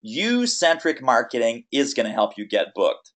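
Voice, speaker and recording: A man coaching speakers on a webinar, energetic and emphatic, stacking lists and repeating phrases. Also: medium pitch, moderate pace. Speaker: business coach. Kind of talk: webinar teaching.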